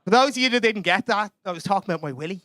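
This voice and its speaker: A man's voice: high voice, animated, very fast, bright, forceful tone. A young Irish man doing a chatty, self-mocking stand-up comedy set in a club. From Ireland.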